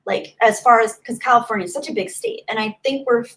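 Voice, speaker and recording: A woman's voice: on the high side, fast talker, fairly bright tone. A woman hosting a casual livestream, chatting and laughing as she reads viewer comments aloud. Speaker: livestream host. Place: home in Southern California.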